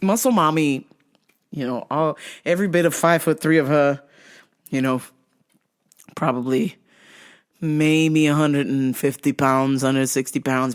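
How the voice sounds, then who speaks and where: A woman hosting a podcast who tells a comic story in an animated way, laughing often and swearing freely. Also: low-pitched, unhurried, long pauses. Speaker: podcast host.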